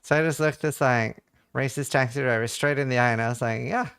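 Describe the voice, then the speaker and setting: A man's voice: medium pitch, fairly even intonation, quick pace, fairly bright tone, smooth. A Norwegian man, a streamer, rambling through a casual anecdote with lots of filler words while gaming at a desk mic. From Norway.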